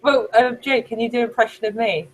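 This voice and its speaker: A woman's voice: fairly high pitch, quick pace, poor audio. A British woman hosting a casual live chat with friends, laughing often as she talks. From Britain. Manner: giggly, animated, laughs often. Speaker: host.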